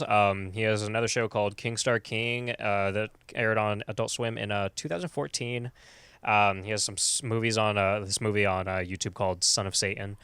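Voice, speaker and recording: A man's voice: fairly low pitch, a bit bright, clear, resonant tone, dry recording. A man hosting a podcast, casually recapping a cartoon episode with loose, profane, filler-heavy talk. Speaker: podcast host.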